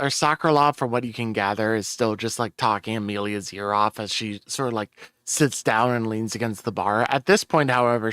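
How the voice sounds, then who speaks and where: A man's voice: fairly low pitch, fairly bright tone, no room sound. A man narrating as game master in a tabletop game, casual and loose with many likes.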